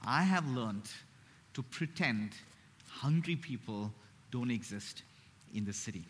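A man preaching a sermon, earnest, slowing down and dropping to a hush on key phrases. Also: mid-range voice, expressive, a little hiss or hum. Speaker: pastor.

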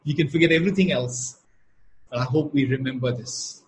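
A man preaching a sermon at a slow, emphatic pace, repeating key phrases for weight. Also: mid-range voice, a little hiss or hum, poor audio. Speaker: pastor.

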